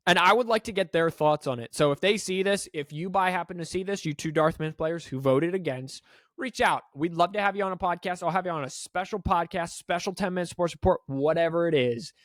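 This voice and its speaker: A man's voice: on the high side, a bit bright, no room sound, studio quality. A man hosting a sports podcast, giving emphatic, rambling opinions with frequent restarts. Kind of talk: opinionated solo sports talk.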